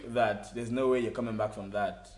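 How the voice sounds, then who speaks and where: A man's voice: fairly low pitch, steady tone, moderate pace, a little mellow, roomy sound. A man co-hosting a casual podcast, joking around, laughing often and repeating himself when he talks. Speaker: co-host.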